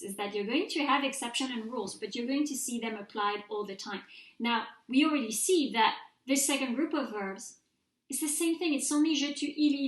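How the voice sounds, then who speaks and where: A woman's voice: fairly high pitch, roomy sound. A woman teaching a recorded French grammar mini-lecture, patiently modelling pronunciation for her students to repeat.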